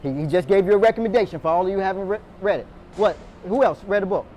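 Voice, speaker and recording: Speaking quickly in a high, bright voice, a man gives a motivational talk to a sales team in a meeting room before a live audience. Full of energy, he fires questions at the room and calls on people to answer back, with faint background noise beneath him.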